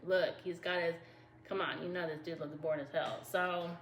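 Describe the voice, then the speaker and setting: A low-voiced woman reads tarot cards in a loose, slangy way, chatting to her viewers as y'all. Her voice rings in an echoey room with a faint hum of noise underneath. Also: fairly even intonation, normal speed. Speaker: tarot reader. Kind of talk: casual tarot reading.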